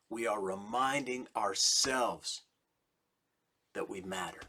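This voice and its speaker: A middle-aged man preaches with a slow, measured delivery and leans on emphatic repetition. His voice is fairly low but bright, with a slightly husky edge. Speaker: rabbi. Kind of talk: recorded sermon message.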